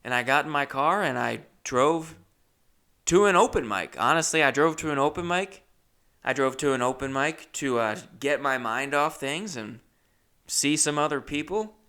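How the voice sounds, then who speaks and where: A man telling a comic story with a bright, forward tone and a smooth, clear voice. He stays animated and self-deprecating and often turns to his listeners as "folks.". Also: on the high side, normal speed. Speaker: comedian. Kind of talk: comedic storytelling.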